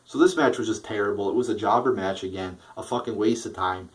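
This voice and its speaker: A man's voice: lowish voice, fast, few pauses, poor audio. Profane, rambling young man reviewing wrestling. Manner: profane, rambling with fillers and restarts. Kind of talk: casual spoken review.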